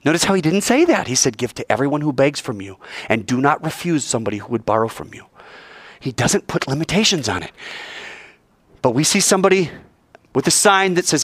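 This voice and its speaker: Lively man teaching a Bible class. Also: on the high side, brisk, dry recording. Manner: animated storyteller who acts out quoted voices. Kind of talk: informal sermon to a class.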